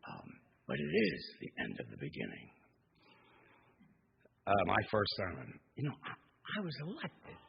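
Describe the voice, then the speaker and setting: A male minister giving a sermon, telling a folksy story with animated delivery in a church. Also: on the low side, a little slow, gravelly, pauses often, lo-fi sound, slight background noise. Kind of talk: sermon with a joke. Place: church sanctuary.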